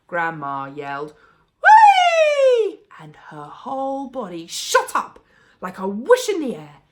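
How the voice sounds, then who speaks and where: A woman reading a children's book aloud as a bedtime story, with expressive, animated storytelling. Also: fairly low pitch, a little slow.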